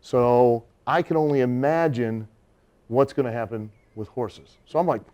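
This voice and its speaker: A man spins a long anecdote as a guest in a studio interview. His delivery is animated, broken by laughter, and he slips into the voices of the people he quotes. His voice sits at an ordinary middle pitch. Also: measured pace, dull audio. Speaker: guest storyteller.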